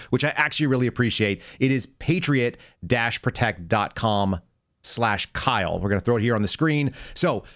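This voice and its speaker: A man hosting a podcast, telling rambling anecdotes in casual chat, with quick self-corrections. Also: medium pitch, dry recording, studio quality. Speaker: podcast host, former FBI agent.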